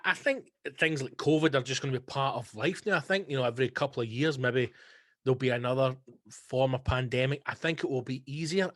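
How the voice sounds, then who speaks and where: A man's voice: medium pitch, dry recording, studio quality. A Scottish man, a comedian, rambling through a solo podcast monologue on a stand mic, sweary and jokey with lots of digressions. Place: home studio. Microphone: studio mic on a stand.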